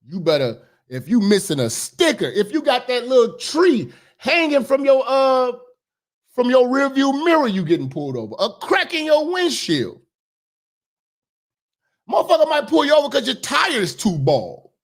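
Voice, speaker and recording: Heated profane man ranting, lively pitch. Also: normal speed. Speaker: commentary host. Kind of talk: ranting commentary.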